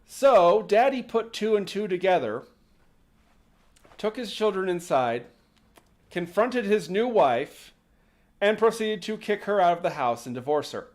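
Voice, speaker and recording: A man's voice: high voice, very animated, measured pace, pauses often, a little mellow. A man hosting a livestream, retelling a folk tale casually with sarcastic, mocking asides and casual swearing. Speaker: host.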